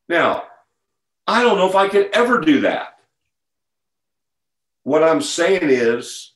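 A man's voice: mid-range voice, roomy sound, poor audio. A man preaching a sermon over a video call, conversational at first and building to a fervent retelling. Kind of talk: sermon to an online group.

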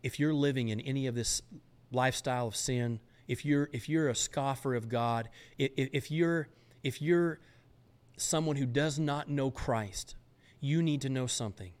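Man, podcast host, preaching style, emphatic and fervent, middle pitch. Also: moderate pace, clear, resonant tone. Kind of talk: preaching monologue.

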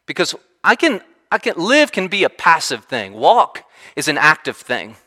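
A man preaching a sermon in an animated, conversational way, often restarting his sentences. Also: on the high side, normal speed. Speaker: pastor. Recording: reverberant hall sound.

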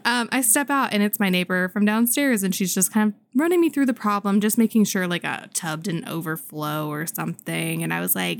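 A woman in her thirties co-hosting a casual podcast, telling a story with lively shifts and quoted voices. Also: a little fast, creaky, few pauses. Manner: animated storyteller, jumps pitch for quoted voices, laughs often. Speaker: podcast co-host.

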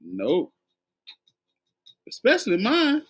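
A woman co-host with a Southern country accent talks in a relaxed, jokey way. Her pitch swings widely as she acts out little bits of quoted speech. It sounds like casual banter between friends. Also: slow pace, husky. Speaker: podcast co-host. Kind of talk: casual chat.

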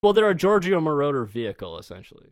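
A man's voice: fairly high pitch, sing-song, fast talker, no echo, clean studio sound. A man co-hosting a podcast in casual chat, rambling and swearing now and then, laughing often. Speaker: podcast co-host.

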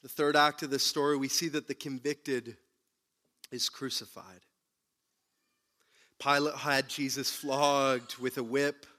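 A man preaching a sermon who retells the story dramatically, moving between loud bursts and hushed, low passages. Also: flat delivery, slow, pauses often. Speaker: pastor.

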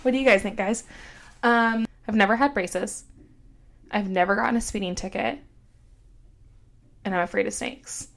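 A woman's voice: medium pitch, fairly even intonation, moderate pace, gravelly, pauses often. A young woman co-hosting a podcast, chatting casually with a stuffy nose and frequent giggles. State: congested. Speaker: podcast co-host. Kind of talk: casual chat.

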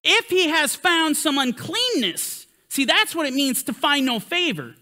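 Male Bible teacher, sermon-style teaching, very high pitch, bright edge. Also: very animated, measured pace. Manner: emphatic, pitch swinging with emphasis.

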